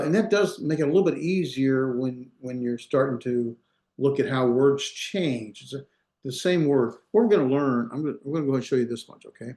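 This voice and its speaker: A man's voice: mid-range voice, darkish tone. A man teaching an online grammar class, explaining step by step and often stopping to check that his students are following, heard over a video call. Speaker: Hebrew grammar instructor.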